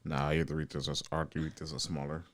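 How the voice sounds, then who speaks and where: A man's voice: very deep voice, little pitch movement, a little fast. A young adult man co-hosting a podcast, joking back in a laid-back, informal way. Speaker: podcast co-host. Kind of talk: casual chat.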